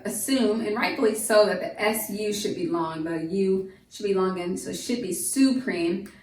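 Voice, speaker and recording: A woman gently teaches a children's vocabulary lesson, slowly spelling words out letter by letter and pausing with fillers. Her voice sits at an ordinary middle pitch. The recording carries a noticeable room echo. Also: slight background noise. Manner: gentle and encouraging, with frequent fillers. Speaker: homeschool teacher. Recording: echoey room.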